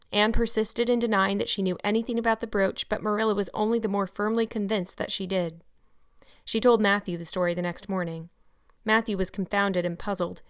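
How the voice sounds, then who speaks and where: A woman narrating a chapter of a classic novel for a podcast book club, in measured, clear storytelling. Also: mid-range voice, dry recording, clean studio sound. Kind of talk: scripted audiobook narration.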